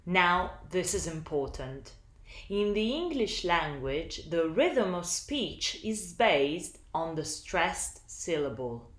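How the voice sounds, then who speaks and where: Woman, English teacher, slow deliberate delivery, low voice, echoey room. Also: very animated. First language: Italian. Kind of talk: recorded lesson narration.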